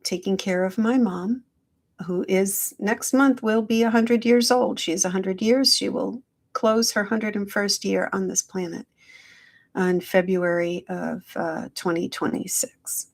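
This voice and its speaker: Slow, gentle woman on a livestream. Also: medium pitch, steady tone. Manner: slow, gentle, affectionate, greets viewers by name. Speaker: hypnotherapist livestream host. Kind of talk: casual live-stream check-in.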